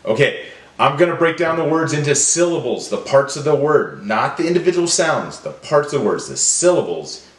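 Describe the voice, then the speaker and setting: A man leading a phonemic awareness drill for children, stretching each word out slowly and clearly. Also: a little high, sing-song, roomy sound. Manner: slow, drawn-out, deliberate enunciation. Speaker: teacher.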